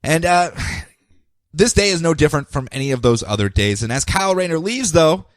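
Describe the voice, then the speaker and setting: A man's voice: fairly high pitch, a little fast, no echo, clean studio sound. A man co-hosting a podcast, recapping comic books in casual chat and jumping into playful character voices. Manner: animated storyteller, jumps into goofy character voices. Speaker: podcast co-host.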